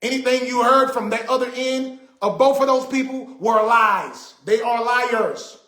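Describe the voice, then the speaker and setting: Man, very high voice, casual livestream host, indignant and repetitive, roomy echo on a phone mic. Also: measured pace, sharp tone.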